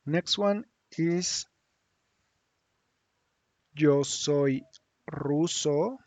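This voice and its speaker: A man teaching a lesson, thinking aloud slowly with hums and restarts as he works on screen. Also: a little high, darkish tone, no room sound. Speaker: Spanish teacher. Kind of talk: screen-share language lesson.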